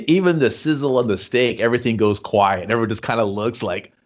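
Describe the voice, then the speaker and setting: A man co-hosting a casual movie review chat, swearing a lot and acting out scenes in gruff put-on voices. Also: medium pitch, a little fast. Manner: profane, animated, acts out scenes in gruff voices. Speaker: podcast co-host.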